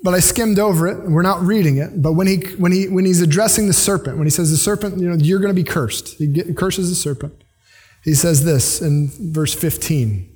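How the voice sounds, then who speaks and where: A man preaches a sermon in an earnest, conversational manner and often breaks off for side notes. His voice sits high for a man. A long reverb hangs behind it, as in a large hall. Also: moderate pace, darkish tone, husky.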